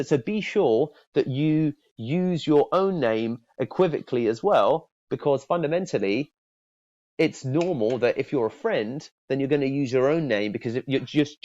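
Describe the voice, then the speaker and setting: A man's voice: a little high, animated, normal speed, a little mellow, no echo, muffled recording. A man teaching cold-calling technique in a casual spoken lesson. He often repeats words and acts out friendly phone openers in a lifted voice. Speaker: sales trainer. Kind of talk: casual spoken training talk.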